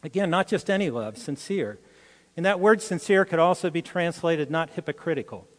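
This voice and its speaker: Older male pastor, slightly high voice, earnest storytelling sermon, lingering hall reverb. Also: expressive, normal speed. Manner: earnest, personal storytelling with frequent restarts.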